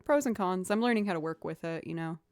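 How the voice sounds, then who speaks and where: A woman's voice: lowish voice, quick pace, a little mellow, soft background music. Chatty young woman streamer. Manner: chatty, rambling, many "like"s and "um"s. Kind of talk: casual chat with viewers.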